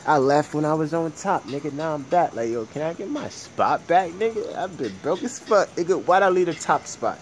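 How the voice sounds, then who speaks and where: Profane ranting young man, lively pitch. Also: moderate pace, hardly any pauses, a little hiss or hum. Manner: profane, swings from mumbling to loud shouting. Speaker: vlogger. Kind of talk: casual ranting vlog.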